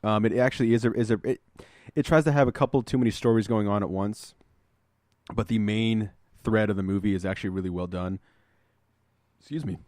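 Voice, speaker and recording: A man's voice: on the low side, fairly even intonation, fast, darkish tone, no echo, studio quality. A man co-hosting a casual podcast about movies, joking and rambling, laughing often. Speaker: podcast co-host. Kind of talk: casual chat.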